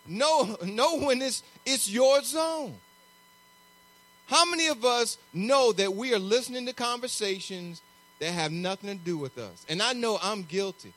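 High-voiced animated male pastor preaching. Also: measured pace. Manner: animated, conversational preaching with acted-out asides. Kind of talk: sermon.

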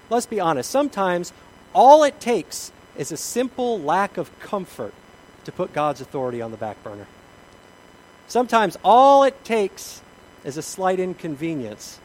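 A man's voice: sits high, big pitch swings, moderate pace, low-quality recording. Emphatic male pastor preaching a sermon. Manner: emphatic, repeats key questions, storytelling. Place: church sanctuary.

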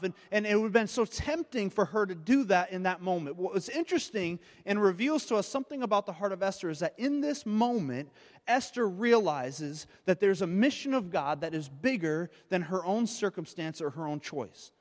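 A man's voice: high voice, expressive, a little fast, in a large hall. A man preaching a sermon, retelling a story and often repeating his words as he goes. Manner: storytelling with frequent word repeats. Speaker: pastor.

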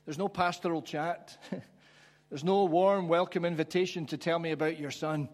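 A man preaching a sermon, reflective and conversational, pausing for emphasis. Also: fairly high pitch, fairly even intonation, a little mellow. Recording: church hall with long reverb.

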